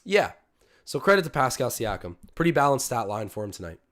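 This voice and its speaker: A young man hosting a live-stream watch-along, commenting casually on the game, reading the chat aloud and breaking into loud cheers. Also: medium pitch, a little fast. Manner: excitable, talks to chat, bursts of loud cheering.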